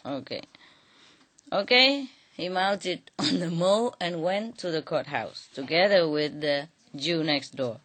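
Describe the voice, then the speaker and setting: Slow, chuckling woman storyteller. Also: on the low side, animated, fairly bright tone. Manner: chuckling, conversational, asides with 'you know'. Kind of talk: oral folk-tale telling.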